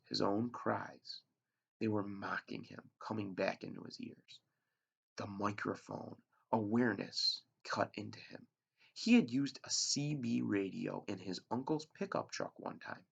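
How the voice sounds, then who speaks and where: A male teacher reads a chapter of a novel aloud, in a lively, expressive voice that swings up and down. His low voice is very gravelly and husky, and the recording sounds dull and lo-fi.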